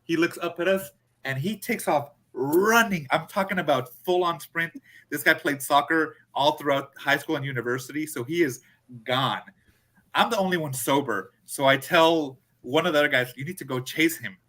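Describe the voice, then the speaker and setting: A man telling a story in a casual chat, animated, acting out his friends' lines. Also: fairly high pitch, normal speed. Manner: animated, acts out friends' quotes. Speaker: podcast co-host.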